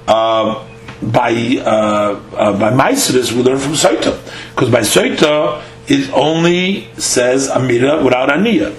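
A man teaches a Talmud lesson, reading each line aloud and then explaining it, pausing often on "uh." His voice sits at an ordinary middle pitch. The recording is roomy and echoey, with a faint hum underneath. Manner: reads Aramaic lines then explains, with halting fillers.

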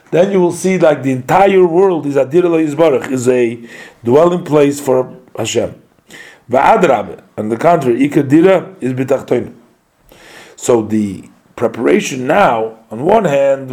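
A man interprets a religious talk, one short chunk at a time. His voice sits at an ordinary middle pitch, and his delivery is halting and fragmentary, with pauses and restarts between phrases. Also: a little mellow. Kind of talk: phrase-by-phrase spoken translation of a religious discourse.

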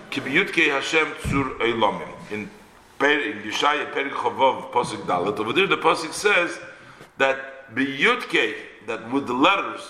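Man, Torah teacher, bright forceful voice, text study lecture, echoey room. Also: mid-range voice. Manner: reads a phrase in Hebrew, then explains it in English, with frequent restarts. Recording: roomy echo.

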